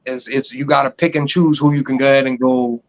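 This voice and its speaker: A man with a medium-pitched voice talks fairly quickly as co-host of a casual podcast chat. He's an animated storyteller who acts out what other people said, and the recording has a dull lo-fi sound.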